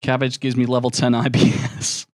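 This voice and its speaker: A man's voice: medium pitch, monotone, normal speed, dry recording. Young male streamer, mid-range voice, loose sweary banter, dry close sound. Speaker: game streamer. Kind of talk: casual gameplay commentary, chatting with viewers.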